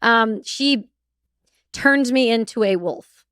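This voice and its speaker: A woman guest on a podcast, telling a personal story in an animated way with laughter and casual swearing. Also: fairly high pitch, takes it slowly, clean tone, no room sound, studio quality.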